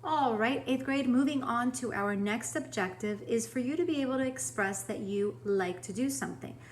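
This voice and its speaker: Upbeat woman teacher, clear and encouraging. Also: a little high. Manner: upbeat, clear and encouraging, slowing down to model example sentences. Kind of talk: recorded Spanish lesson for students.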